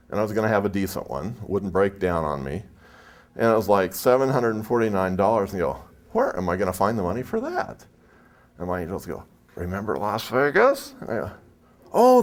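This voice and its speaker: A man's voice on the low side relays an anecdote live at a spiritual expo. He's from San Jose, California, keeps it chatty, and acts out what people said.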